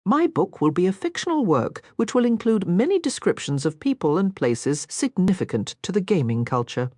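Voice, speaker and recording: Brief: woman playing a polite, curious young lady writer, lively lilting voice, dry sound. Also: lowish voice, moderate pace, no room sound, voice pushed up. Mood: eager. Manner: polite, eager.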